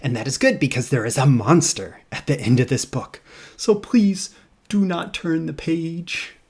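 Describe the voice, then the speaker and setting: A man voicing a timid, fretful furry monster while reading a children's picture book aloud, in a rough, drawn-out imitation. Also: lively intonation, a little mellow, exaggerated voice. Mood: pleading. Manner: pleading, high and drawn-out, deliberately rough imitation.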